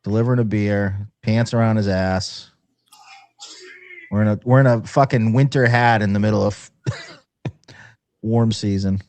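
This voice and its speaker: A man's voice: fairly low pitch, fairly even intonation, a little slow, pauses often, background noise. A man co-hosting a live stream, trading mocking, profane banter. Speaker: stream co-host. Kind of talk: casual crude banter.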